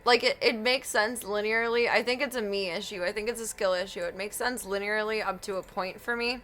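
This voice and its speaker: A woman's voice: medium pitch, steady tone, fairly quick, fairly bright tone. A young woman live-streaming, chatting casually with a giggly, rambling, self-deprecating manner.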